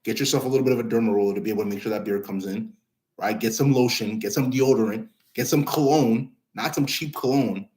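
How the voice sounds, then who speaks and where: A man's voice: mid-range voice, quick pace, a little mellow. Emphatic young man lecturing, slangy. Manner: emphatic, repetitive, slangy, keeps adding "bro". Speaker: channel host. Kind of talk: motivational straight-talk to camera.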